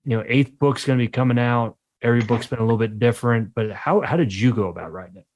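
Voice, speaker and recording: A man's voice: mid-range voice, fast talker, a little mellow. A man hosting a podcast, chatting casually and asking his guest eager, friendly questions. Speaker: podcast host, author.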